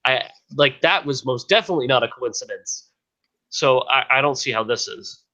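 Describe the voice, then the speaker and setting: A man's voice: mid-range voice, moderate pace, bright, forceful tone, dull audio. A man co-hosting a casual podcast, rambling with many restarts and fillers. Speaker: podcast co-host.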